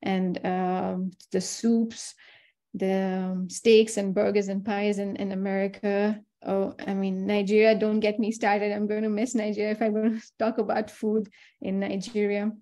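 A woman's voice: medium pitch, flat delivery, unhurried, dark tone. A woman from India giving a personal webinar talk, chatty and storytelling, acting out the people she quotes. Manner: chatty storyteller who acts out quoted dialogue. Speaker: webinar speaker.

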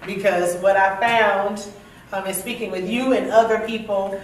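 A woman hosting a casual panel chat, playful and quick to joke and laugh. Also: mid-range voice, steady tone, slight background noise. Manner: playful, laughing, joking asides. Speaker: talk show host. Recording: echoey room from far off.

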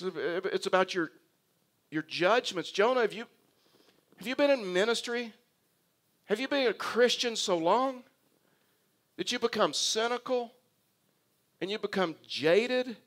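Casting note: middle-aged man with a high voice, a pastor giving a conversational sermon with dry humor. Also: unhurried, long pauses. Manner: conversational storytelling, wry humor; animated, voices imagined dialogue with Jonah.

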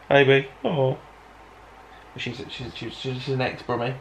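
Black Country man, casual vlogger, rambling and self-deprecating, mid-pitched everyday voice. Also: little pitch movement, slow, slight background noise. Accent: Black Country (Dudley). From Black Country, England. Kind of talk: casual vlog chat to camera.

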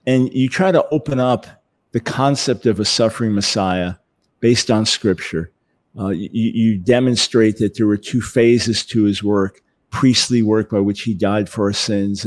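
Animated man in a conversational interview. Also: on the low side, no echo. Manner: animated, repeats words as he builds a point. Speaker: interview guest.

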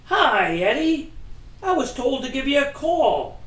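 A man's voice: very high voice, sing-song, unhurried, a bit bright, pitched above the performer's own voice, full character voice. A man voicing the blunt, teasing ghost of an old baseball star calling on the phone, in an echoey room.

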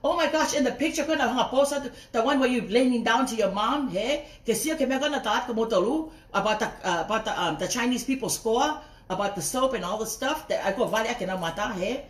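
A woman's voice: fairly high pitch, animated, fast talker. A woman ranting on a casual livestream, swearing heatedly and breaking off to greet viewers by name. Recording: roomy echo.

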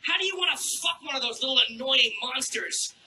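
A man doing a crude, sardonic stand-up set on a stage with a handheld mic, clearing a troubled throat now and then. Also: very high voice, expressive, fairly quick, bright, forceful tone, slight background noise, low-quality recording. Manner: crude, brash and sardonic, with acted-out asides. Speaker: stand-up comedian. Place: comedy club stage.

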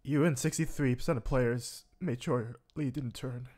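A tearful young man commentating on a game, sighing often and reading the results aloud in an emotional, halting way. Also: medium pitch, a little mellow. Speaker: gaming commentator. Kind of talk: let's play commentary.

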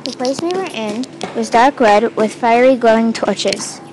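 A woman reading her own first-person fantasy story aloud in an amateur, halting way, with restarts and stumbles. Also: fairly high pitch, lively intonation, a little mellow, a little hiss or hum, rough recording. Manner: first-person storytelling with quoted lines read in the same voice.

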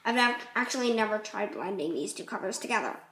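Lively chatty woman teaching crayon art. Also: mid-range voice, fast talker, a little hiss or hum. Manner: chatty, apologetic, rambling. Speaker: art tutorial host. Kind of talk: casual craft tutorial.

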